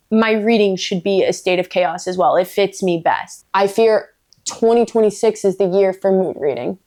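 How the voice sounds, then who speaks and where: A woman's voice: mid-range voice, darkish tone. Woman book vlogger, mid-range voice, blunt casual rant with heavy swearing and teasing self-aware asides. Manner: blunt, emphatic, swears freely; playful, self-mocking asides.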